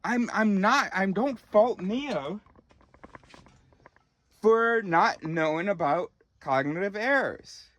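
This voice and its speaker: A man's voice: high voice, animated, slow pace, a bit bright, no room sound. A man ranting in a profane, exasperated monologue, recorded in a car. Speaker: vlogger.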